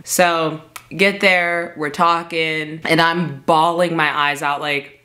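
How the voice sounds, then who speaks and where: Low-voiced woman telling a storytime. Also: steady tone, takes it slowly, pushed and bright. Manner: casual, emphatic, heavy filler "like". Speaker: vlogger. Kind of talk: storytime vlog.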